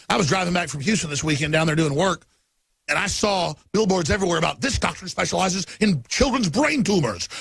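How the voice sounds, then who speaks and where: A man hosting a talk radio show, delivering an emphatic, ranting monologue. He piles up lists of numbers and swings between quiet intensity and angry outbursts. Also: on the high side, vocal fry, breathy edge.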